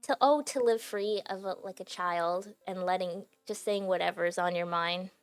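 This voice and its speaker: Giggly, chatty young woman with gravelly fry. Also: fairly low pitch, normal speed, no echo, faint music behind. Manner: chatty and giggly, heavy use of "like" fillers. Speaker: livestreamer. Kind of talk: casual stream chat to viewers.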